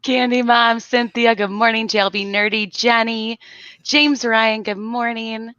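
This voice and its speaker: A woman's voice: fairly high pitch, little pitch movement, a little slow, pushed and bright, no room sound, highs cut off. Chatty woman hosting a livestream. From South Florida. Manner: chatty, greets viewers by name. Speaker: livestream host. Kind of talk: casual livestream chat.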